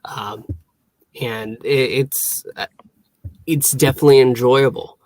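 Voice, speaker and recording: A man's voice: mid-range voice, steady tone, takes it slowly, a little mellow. A man co-hosting a casual review podcast, rambling as he recaps scenes. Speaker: podcast co-host.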